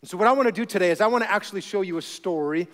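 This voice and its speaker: A man pastor preaching a sermon, telling stories with animated humor. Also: sits high, very fast, big-room sound.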